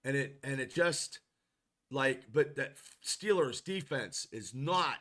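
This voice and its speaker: Bright-voiced guy on a fan podcast, slow and rambling, kinda fed up. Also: medium pitch, expressive. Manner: frustrated, rambling, many restarts. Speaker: podcast host. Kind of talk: casual live-stream football chat.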